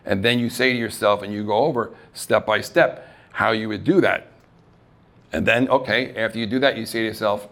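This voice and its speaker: Animated male storyteller recounting his acting career. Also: on the low side, normal speed, creaky. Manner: animated storyteller who acts out quoted voices and laughs at himself. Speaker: actor telling his story on stage. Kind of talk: storytelling talk. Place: live event stage.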